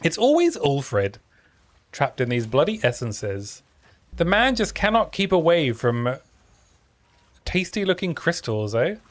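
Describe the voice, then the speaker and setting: This man's voice is a little high and very animated, yet he takes his time and leaves long pauses. He's streaming a video game, joking casually and trailing off with fillers as he chats about the gameplay.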